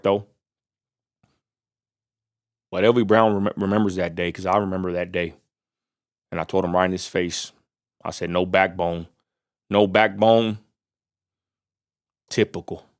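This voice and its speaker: A man from Texas delivering an angry, fired-up vlog rant, preacher-like and full of Southern turns of phrase. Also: fairly low pitch. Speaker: vlogger. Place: outdoors near a roadside lot.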